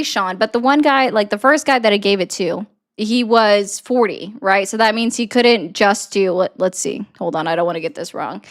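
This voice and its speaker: Sarcastic woman livestreamer. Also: mid-range voice. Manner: sarcastic, reads out and answers viewer comments. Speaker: political commentary livestream host. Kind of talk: casual livestream chat.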